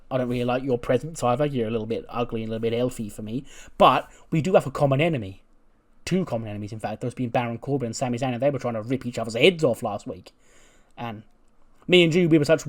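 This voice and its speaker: A man's voice: medium pitch, lightly acted. A man voicing a cocky, talkative male wrestler who speaks in a brash, breezy way. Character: cocky chatty male wrestler, pushy and upbeat.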